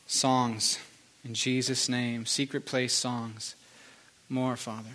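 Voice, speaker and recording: A man's voice: medium pitch, flat delivery, slow pace. Fervent man leading prayer in church. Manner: fervent repeated pleading, soft and hushed at times. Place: church sanctuary.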